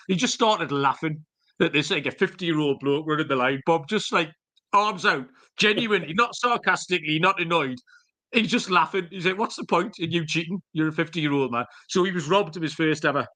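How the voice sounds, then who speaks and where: A man with a fairly high-pitched, sharp-toned voice co-hosts a podcast. In casual chat, he tells jokey, rambling stories and lets the odd swear word slip.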